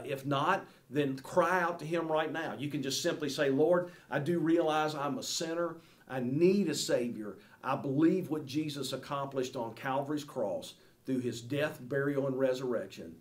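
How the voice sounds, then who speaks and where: A man's voice: on the high side, a little mellow. A man teaching a Bible study like a sermon, earnest and pleading, often repeating words and saying "uh". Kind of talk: sermon-style Bible lesson.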